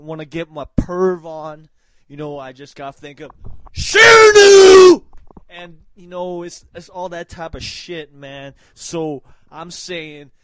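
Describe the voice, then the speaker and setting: A man giving casual, profane hype shout-outs in a swaggering way, breaking into loud shouted names. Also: a little high, no room sound, poor audio.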